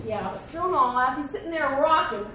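High-pitched lady storyteller at a festival, far from the mic, noisy echoey sound. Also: expressive, a crowd in the background. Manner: slow, dramatic telling with quiet suspense. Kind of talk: live folk storytelling. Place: festival stage. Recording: echoey distant live recording, noisy.

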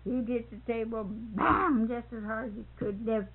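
Captured on tinny, phone-like old tape, an older woman tells family stories as casual oral history, often breaking into laughter. Her voice is fairly high and fairly quick, with little pitch movement.

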